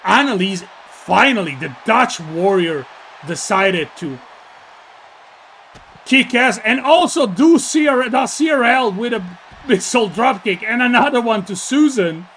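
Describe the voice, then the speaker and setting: A man with an Italian accent calling wrestling play by play, bursting into shouts on big moves and joking with his co-hosts. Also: high voice, lively intonation, a little slow, a little hiss or hum. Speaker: wrestling commentator. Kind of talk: excited play-by-play commentary.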